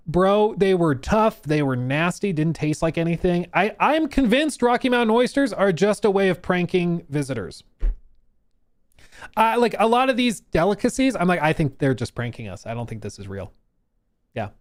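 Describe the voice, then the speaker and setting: Male streamer from Colorado, chatty and animated, slightly high voice, dry close-mic sound. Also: no echo. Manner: chatty, reads chat aloud, explains and jokes. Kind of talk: casual live-stream chat.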